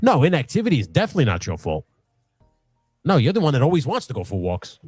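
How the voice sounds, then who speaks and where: This fast-talking middle-aged man, his voice slightly rough, chats profanely as a live-stream co-host in his home workshop. The dry room carries faint music, and he rambles with animation, laughing frequently and doing high-pitched voices for stories.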